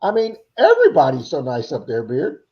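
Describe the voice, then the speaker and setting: A man hosting a casual livestream chat, telling animated stories and acting out the people he quotes. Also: medium pitch, a little fast, muffled recording. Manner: animated storyteller, acts out quoted voices. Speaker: livestream host. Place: Florida.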